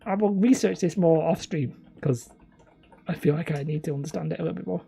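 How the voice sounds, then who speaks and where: Gravelly low-voiced woman streamer. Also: brisk, warm tone. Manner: rambling, self-deprecating, laughs often. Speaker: livestream host. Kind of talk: casual livestream chat, reading viewer comments.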